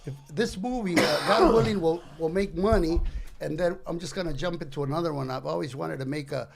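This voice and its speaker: With a faint hiss or hum in the recording, an older man appearing as a guest comedian on a podcast spins a comic tale a little fast. His voice is high and gravelly, and he voices each character while scattering Spanish slang through the relaxed telling.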